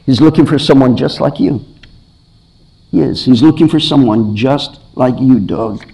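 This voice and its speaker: A man's voice: mid-range voice, measured pace, gravelly, warm tone, low-quality recording. A middle-aged man preaching a sermon, asking his listeners earnest questions and often repeating or restarting his phrases.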